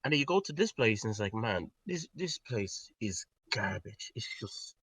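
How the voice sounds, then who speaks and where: A young man telling a story in a casual podcast chat, animated and swearing, with loud outbursts. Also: on the low side, normal speed, husky, dry recording. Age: young adult. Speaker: podcast co-host.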